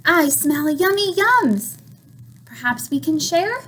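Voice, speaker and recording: A woman's voice: sits high, expressive, takes it slowly, a bit bright, pitched above the performer's own voice, full character voice. A woman reading as a friendly storybook badger. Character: hungry friendly badger sharing snacks.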